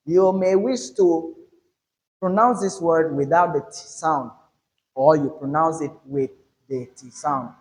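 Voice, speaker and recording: A man teaching English pronunciation in a lesson, drilling example words aloud one by one with deliberate emphasis. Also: fairly high pitch, darkish tone, rough recording.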